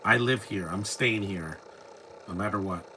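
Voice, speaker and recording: A man's voice: fairly low pitch, a little slow, very noisy. A man from the United States, hosting a casual live movie commentary, rambling and opinionated with many restarts.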